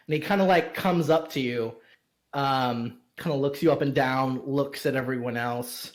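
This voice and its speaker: A man narrating a tabletop game as game master, halting and stopping often to search for words. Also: medium pitch. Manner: halting, full of fillers.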